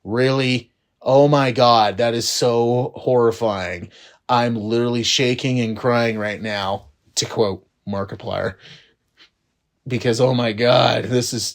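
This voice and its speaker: Male movie reviewer, casual and profane, exasperated rants with sudden loud spikes. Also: steady tone, takes it slowly. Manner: exasperated, profane, swings between low mutters and loud rising outbursts.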